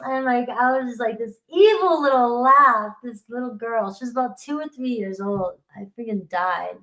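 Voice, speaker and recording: A woman's voice: fairly high pitch, fairly even intonation, normal speed, pushed and bright, low-quality recording. A woman giving a casual tarot reading to camera, chatty and laughing often. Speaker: tarot reader.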